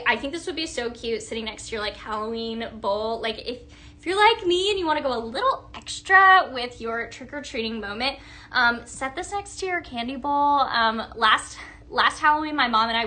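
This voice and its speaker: Bubbly young woman hosting a live sale, bright voice, a bit high, gushes nonstop. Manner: bubbly and gushing, chatty with viewers. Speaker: live shopping host. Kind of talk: live-stream product demo.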